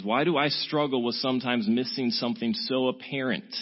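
A man preaching, telling a self-mocking story with an animated delivery. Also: medium pitch, fairly quick. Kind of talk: sermon with storytelling. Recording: dull, muffled sound.

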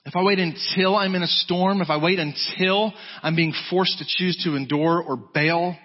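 A man preaching a sermon as pastor, emphatic, swinging from high urgent peaks to low quiet lines. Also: fairly even intonation, normal speed. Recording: dull lo-fi sound.

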